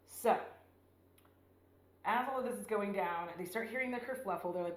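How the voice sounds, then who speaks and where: A woman's voice: medium pitch, a little fast. A woman rambling casually and profanely while doing her makeup, retelling a movie. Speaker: beauty vlogger. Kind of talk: casual get-ready-with-me chat. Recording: roomy echo.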